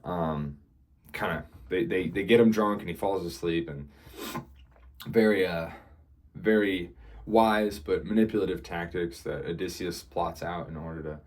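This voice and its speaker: A man's voice: low-pitched, a little slow, a little mellow. A young man in his student years, talking casually to camera, rambling with lots of fillers. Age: young adult. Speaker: vlogger.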